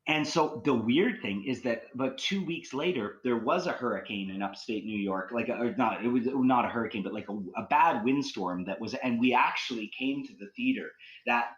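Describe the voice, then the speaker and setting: A man's voice: mid-range voice, moderate pace, hardly any pauses, lo-fi sound. A man from Canada, a podcast guest telling stories in a casual, rambling way full of fillers. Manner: rambling, filler-heavy, excitable. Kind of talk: casual storytelling.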